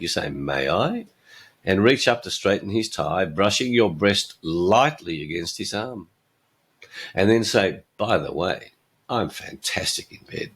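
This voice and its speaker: A man's voice: lowish voice, lively intonation, normal speed, a bit bright. An older man hosting his own podcast, telling jokes and giving blunt opinions with a chuckle. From Australia. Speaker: podcast host.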